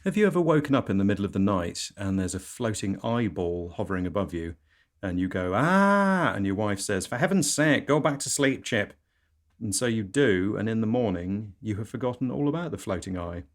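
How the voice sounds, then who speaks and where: A man delivering a deadpan surreal comedy monologue as a podcast host. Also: fairly low pitch, brisk. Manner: deadpan with sudden squeals.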